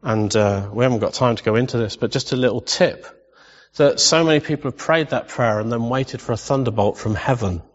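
A man's voice: mid-range voice, a little fast. Male preacher in an echoing hall. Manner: conversational, asks the congregation questions, playful asides. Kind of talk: sermon. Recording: dull recording in a long-reverb hall.

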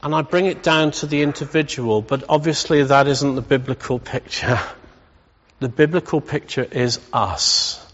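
A man's voice: mid-range voice, normal speed, fairly bright tone. A middle-aged man preaching a sermon in a church, emphatic and building to rousing repetition. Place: church hall. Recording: dull reverberant church hall.

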